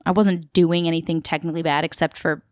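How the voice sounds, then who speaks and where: A woman's voice: deep voice, level tone, fast talker, no room sound, clean studio sound. A woman from Queens, telling a story as a chatty podcast guest with lots of fillers. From Queens, New York City. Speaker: podcast guest, actor and tour guide. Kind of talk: casual storytelling interview.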